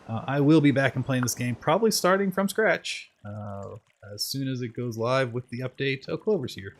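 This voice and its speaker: A man's voice: medium pitch, lively intonation, fairly quick, rough recording. A man chatting casually while live-streaming a video game, rambling through asides and poking fun at himself. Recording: game music playing clearly behind.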